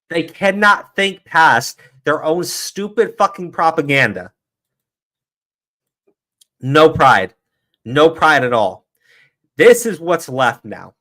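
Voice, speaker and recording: A man's voice: on the high side, animated, slow, pauses often, pushed and bright. Foul-mouthed, heated man ranting. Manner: profane, heated, sarcastic. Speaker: streamer commentator. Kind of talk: ranting livestream commentary.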